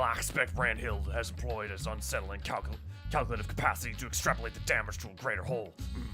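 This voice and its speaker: An actor voices an earnest male investigator in a game cutscene who pushes through exposition at a brisk clip. The voice sits a little low. Game music runs clearly behind him. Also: lightly acted.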